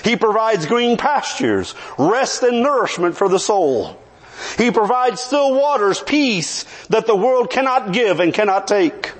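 A man's voice: sits high, measured pace. A man preaching a sermon, telling a funny story and then building into emphatic preaching, with a congregation answering him. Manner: animated storytelling with humor, rising to emphatic preaching. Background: congregation responding.

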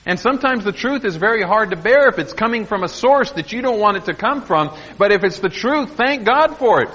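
A middle-aged man preaching a sermon in a folksy, earnest way, laughing softly at his own asides. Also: high-pitched, lively intonation, brisk, breathy edge. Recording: muffled echoey church recording.

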